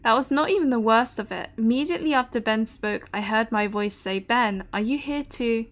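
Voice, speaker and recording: A woman's voice: a little high, normal speed, close to an everyday voice. A woman voicing a wry, anxious young noblewoman, reading game dialogue aloud in a formal storybook manner.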